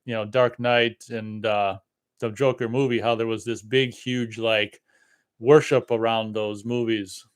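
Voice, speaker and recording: A man's voice: fairly low pitch, level tone, unhurried. Hesitant stammering man co-host. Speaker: podcast co-host. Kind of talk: casual chat.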